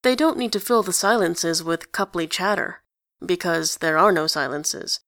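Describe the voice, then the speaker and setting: A woman reads a story aloud in an even, conversational tone. Her voice sits on the low side, and the recording is close and dry, with no echo. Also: moderate pace. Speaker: narrator. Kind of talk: story reading.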